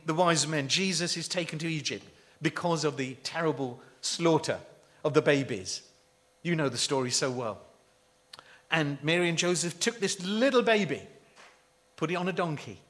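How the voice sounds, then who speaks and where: Lively, animated male preacher. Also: on the high side. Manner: lively, emphatic delivery with rhetorical questions. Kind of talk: sermon.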